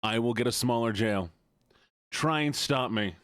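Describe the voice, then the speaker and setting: A man's voice: mid-range voice, unhurried, a bit bright, smooth, no room sound, clean studio sound. A man streaming live, chatting casually and playfully with viewers, teasing them and greeting each one by name.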